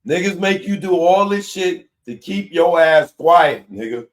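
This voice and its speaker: A man, hosting a live commentary show in a casual, animated way that keeps repeating his points. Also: high voice, unhurried. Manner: animated, laughing, repeats himself.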